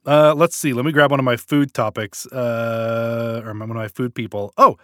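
A man co-hosting a casual podcast chat, animated and eager, slipping into playful voices when retelling videos. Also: medium pitch, normal speed, no room sound, studio quality. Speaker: podcast co-host.

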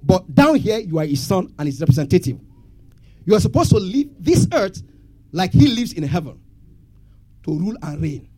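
A man's voice: high-pitched, sing-song, normal speed, pauses often, mellow. A man preaching a sermon, asking the congregation questions and having them answer back. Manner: call-and-response questions to congregation. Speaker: pastor.

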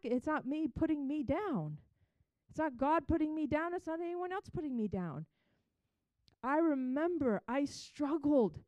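A woman with a somewhat high voice and a mellow, warm tone gives a candid personal testimony. She tells her story in a storytelling way, acting out the quotes and stumbling into restarts. The sound is dry and close. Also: dry recording, poor audio. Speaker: speaker sharing testimony.

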